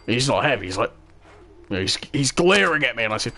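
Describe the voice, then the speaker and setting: A man's voice: medium pitch, sing-song, normal speed, long pauses, fairly bright tone. A young man, casually telling a rambling story with swearing and acted-out quotes. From New Zealand. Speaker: channel host. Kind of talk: casual storytelling while gaming.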